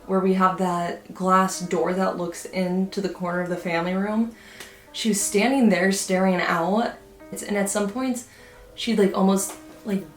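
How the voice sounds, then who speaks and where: A young woman telling a spooky story to her vlog viewers in a casual, animated way, acting out what people said. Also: mid-range voice. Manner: animated, acts out quotes, many "like" fillers. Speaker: vlogger. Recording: echoey room.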